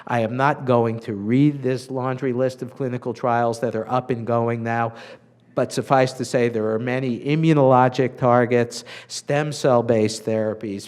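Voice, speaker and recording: A physician giving a conference lecture to clinicians, measured and earnest, with frequent filler sounds. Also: male voice, medium pitch, darkish tone.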